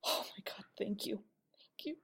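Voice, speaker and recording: A woman in a whispered role-play, voicing an ashamed young woman who confides haltingly and apologizes often. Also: lightly acted. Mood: tearful. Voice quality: soft, hushed and breathy. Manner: halting and apologetic, with many restarts.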